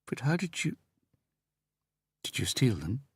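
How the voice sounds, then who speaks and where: A man's voice: mid-range voice, sing-song, a little slow, a bit bright, breathy edge, no room sound, voice pushed up, exaggerated voice. A man voicing a tearful young woman. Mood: tearful, pleading. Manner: pleading, trembling.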